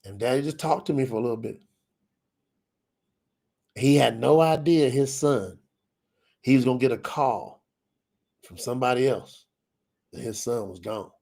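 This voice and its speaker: A middle-aged man giving an emotional personal testimony in church, dropping very quiet when he quotes himself. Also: medium pitch, moderate pace, gravelly, long pauses. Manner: emotional storyteller, drops very quiet on quoted lines.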